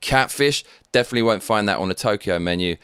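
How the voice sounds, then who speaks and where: A man's voice: on the low side, fast talker, fairly bright tone, smooth, no echo, clean studio sound. A man with an English accent hosting a live stream, reading out viewer comments in a cheeky, rambling, sweary way. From England.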